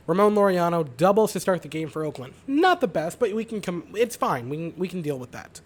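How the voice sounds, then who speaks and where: A hoarse young man with a raspy, sore-throated voice, recapping a baseball game in a calm, casual way. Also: sits high, brisk. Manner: aims for calm, mellow delivery. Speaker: fan recapping baseball games.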